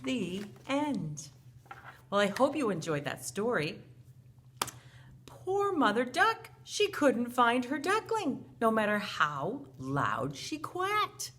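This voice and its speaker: A woman teacher reading a picture book aloud to young children in an animated way, gasping and asking them questions. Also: fairly high pitch, takes it slowly, a little hiss or hum.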